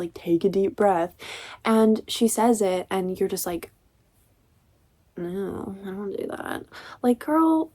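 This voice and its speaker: A woman's voice: lowish voice, warm tone. A woman casually ranting as she reviews a book, chatty and exasperated, with lots of "like.".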